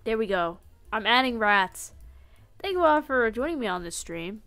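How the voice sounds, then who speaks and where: A woman's voice: a little high, big pitch swings, normal speed, fairly bright tone, faint music behind. A young woman streaming a game live, playful and dramatic, swinging from mock-solemn to giddy squeals.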